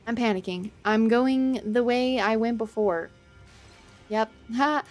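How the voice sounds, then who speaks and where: Slow-talking flustered woman streamer. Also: a little high. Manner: flustered, self-mocking, swings into loud panicked outbursts; swears casually, talks to chat. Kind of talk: casual gameplay commentary. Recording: faint game music behind.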